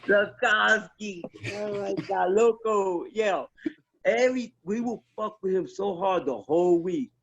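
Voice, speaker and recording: A fairly high-voiced man tells stories from his army days in a loose, profane chat, piling on restarts as he goes. The recording sounds dull and lo-fi. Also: measured pace, breathy edge. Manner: profane, animated, many restarts. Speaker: guest, army veteran. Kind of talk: casual storytelling chat.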